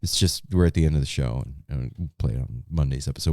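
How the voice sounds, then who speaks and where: A man's voice: rumbling low, big pitch swings, quick pace, few pauses, mellow, no echo, studio quality. A man hosting a casual chat podcast, laid-back, with loose sign-offs. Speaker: podcast host.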